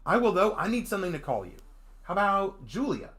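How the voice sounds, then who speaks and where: A man's voice: sits high, very animated, brisk, a bit bright, voice pushed up. A man voicing a polite, earnest young man who stammers as he tries to reassure, in a visual novel reading. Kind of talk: visual novel read-aloud.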